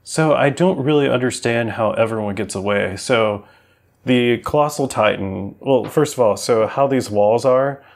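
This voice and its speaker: A man's voice: mid-range voice, moderate pace, creaky. A man co-hosting a casual podcast, easygoing and dry, often chuckling along. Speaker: podcast co-host. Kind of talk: casual chat.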